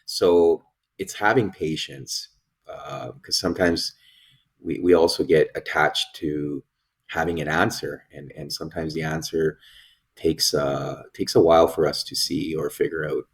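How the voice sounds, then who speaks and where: A man's voice: extremely low pitch, fairly even intonation, measured pace, gravelly, slightly rough. A man hosting a podcast, talking in a reflective, casual way and thinking aloud about his own experience. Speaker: podcast host.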